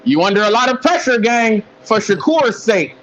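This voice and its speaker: A man's voice: high voice, big pitch swings, moderate pace, a bit bright, muffled recording. A man calling in to rant about boxing, fired up and heavily profane. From American Midwest. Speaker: caller. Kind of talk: heated boxing call-in rant.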